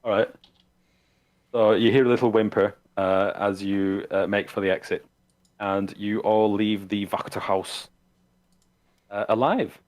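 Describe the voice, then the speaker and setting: A man's voice: fairly low pitch, fairly even intonation, measured pace, pauses often, darkish tone. A man narrating as game master of a tabletop role-playing game, hesitant with many fillers.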